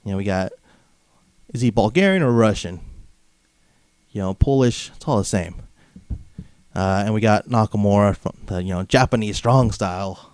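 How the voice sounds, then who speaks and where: A man's voice: on the low side, normal speed, pauses often, darkish tone, clear, resonant tone, no echo, clean studio sound. A man from Southern California hosting a comedic wrestling podcast, brash and mocking, padding his rants with filler phrases. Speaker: podcast host.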